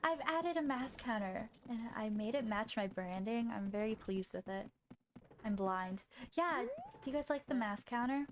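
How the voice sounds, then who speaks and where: A woman reacting to a video game, excitable and swearing, gasping and cheering as she plays. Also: a little high, normal speed. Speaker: streamer playing a video game.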